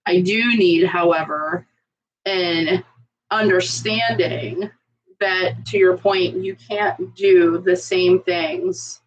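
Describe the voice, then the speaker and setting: A woman co-hosting a podcast, talking in a measured, reflective way. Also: on the low side, fairly even intonation, husky, distant mic, rough recording. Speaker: podcast co-host. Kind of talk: casual chat.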